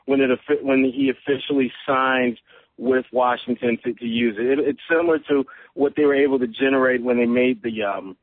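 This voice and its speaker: Calling into a podcast over a tinny phone line, a sports reporter offers analysis while thinking aloud, often stammering and restarting. His voice is mid-range and fairly quick, with no room sound.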